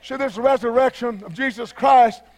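A man with a Southern US accent, a pastor preaching a sermon with fervent cries of praise that build to shouts. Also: very high voice, moderate pace.

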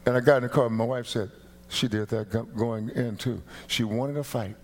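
A man's voice: medium pitch, fairly even intonation, normal speed, darkish tone. A middle-aged man preaching a sermon as pastor in a church, building to emphatic bursts of emphasis. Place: church sanctuary.

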